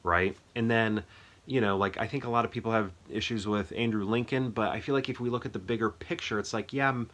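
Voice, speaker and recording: A man's voice: lowish voice, fairly even intonation, brisk, a bit bright. A man chatting casually and enthusiastically about a favorite film, rambling with frequent restarts. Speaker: movie review host.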